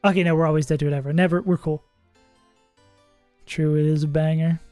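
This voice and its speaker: A chatty streamer talks through game strategy out loud, laughing often and second-guessing the numbers. The voice sits at a middle pitch, recorded close and dry with faint music underneath. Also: steady tone, fairly quick, dry recording. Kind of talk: casual livestream commentary.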